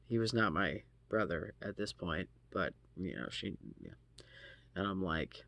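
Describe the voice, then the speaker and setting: A man telling a personal story in a casual vlog, halting and profane, often restarting his sentences. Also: deep voice, animated, gravelly, sharp tone. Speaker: vlogger.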